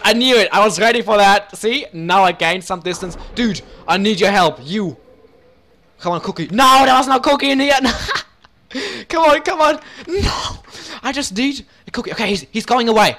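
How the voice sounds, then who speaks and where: A young man calls out a video game in a high, bright voice that swings wildly in pitch. He shouts and laughs one moment and mutters under his breath the next, with restless gamer energy. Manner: excitable, yelps and laughs, mutters low asides. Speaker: gaming video host. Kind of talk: excited gameplay commentary.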